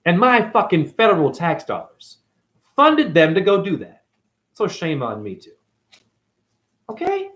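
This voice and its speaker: A man's voice: a little high, huge pitch swings, normal speed, a bit bright. A man delivering an angry, confrontational monologue as a self-styled spiritual teacher, swearing constantly. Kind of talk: profane ranting monologue.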